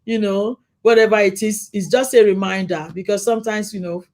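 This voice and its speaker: A woman's voice: medium pitch, fairly even intonation, fairly quick, a little mellow. Chatty storytelling woman host. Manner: chatty storytelling, acts out quoted lines, laughs often. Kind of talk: casual chat.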